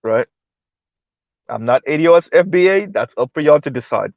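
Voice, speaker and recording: A man hosting a live-stream commentary show, talking in an animated, incredulous way, repeating words and restarting sentences. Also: a little high, moderate pace, creaky, dry recording, muffled recording.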